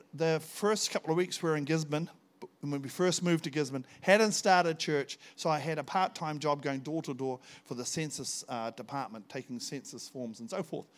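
A man preaching a sermon, telling stories in an animated, dramatic way and laughing often. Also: on the high side. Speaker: pastor. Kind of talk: storytelling sermon.

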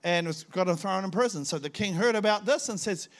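A man's voice: high-pitched, a little fast. Fervent New preacher man. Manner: fervent storytelling, rising to emphatic peaks. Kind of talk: testimony sermon.

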